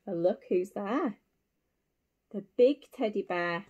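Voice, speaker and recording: A woman's voice: medium pitch, lively intonation, slow pace, a little mellow, a little hiss or hum. A woman teacher reading a picture book aloud to young children, gasping and exclaiming as she goes. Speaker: primary school teacher.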